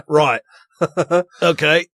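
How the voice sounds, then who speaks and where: A man's voice: on the high side, a bit bright, slight background noise. A man co-hosting a casual podcast, joking and teasing with frequent giggles. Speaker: podcast co-host.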